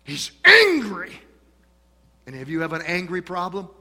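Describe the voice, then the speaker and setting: A man preaching a sermon as pastor in a church, dramatic, swinging between loud pleas and hushed asides. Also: high-pitched, huge pitch swings, moderate pace. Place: church sanctuary. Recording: long church hall reverb.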